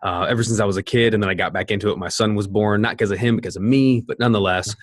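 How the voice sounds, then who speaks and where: A man in his thirties with a low, sultry-sounding voice hosts a podcast chat. He talks eagerly and rambles, restarting his sentences. The recording is very dry and close. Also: steady tone, racing, dry recording. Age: 30s. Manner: enthusiastic, rambling, many restarts. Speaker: podcast host. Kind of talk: casual interview chat.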